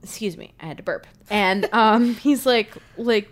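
Young adult woman, podcast co-host, casual book recap, dry self-deprecating humor, mid-pitched voice. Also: a little slow. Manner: wry, self-deprecating, laughs often.

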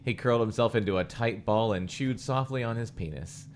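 A man's voice: lowish voice, fairly quick, slight background noise. A man hosting a podcast, reading a children's horror book aloud with hammy, melodramatic voices for the quoted lines.

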